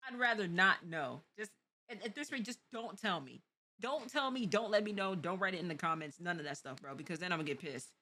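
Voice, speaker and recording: A woman's voice: fairly low pitch, bright, forceful tone. A woman streamer reacting live in a casual, exasperated way, repeating herself for emphasis.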